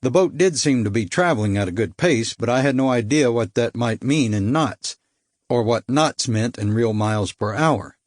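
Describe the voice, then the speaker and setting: A man narrating a first-person thriller audiobook in a measured, dry storytelling manner. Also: mid-range voice, lively intonation, no echo.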